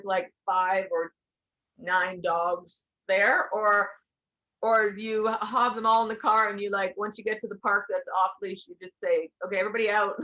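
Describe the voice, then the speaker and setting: Woman host, chatty, animated, bright voice, dull muffled audio. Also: medium pitch. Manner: animated, chatty, laughs along. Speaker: podcast host. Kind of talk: casual interview chat.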